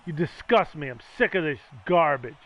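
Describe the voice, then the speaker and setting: A man's voice: on the high side, lively intonation, moderate pace, a bit bright, muffled recording. A man telling a joke, voicing an angry wife scolding her husband with scorn.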